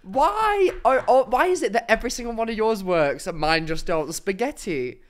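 A playfully combative man in casual podcast chat. He jumps up and down in pitch, lively and cheeky. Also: normal speed. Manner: playfully combative, swearing, mock-outraged. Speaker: podcast co-host.

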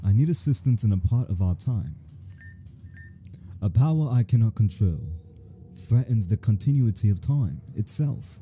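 A man's voice: on the low side, animated, warm tone, faint music behind, lightly acted. A man putting on a solemn ancient god creature. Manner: slow, formal, British-sounding delivery.

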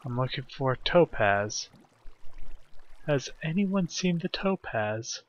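Man, let's play commentary, slow and mumbly, self-deprecating, lo-fi sound. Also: medium pitch, animated. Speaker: video game player. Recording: dull lo-fi recording.

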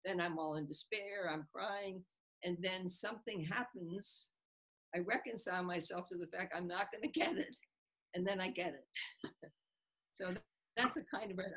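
A woman's voice: fairly low pitch, moderate pace, slightly rough, poor audio. A woman author being interviewed, retelling a scene from a book and acting out its characters' lines. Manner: animated storyteller, acts out the characters' lines with a laugh.

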